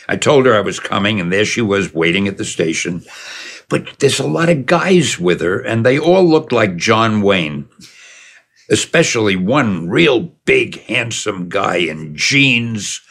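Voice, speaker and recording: A man's voice: fairly low pitch, vocal fry, a bit bright, slightly rough. An older man telling a long personal story in a casual, digressive way, chuckling as he goes. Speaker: storyteller recalling his past. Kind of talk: casual spoken reminiscence.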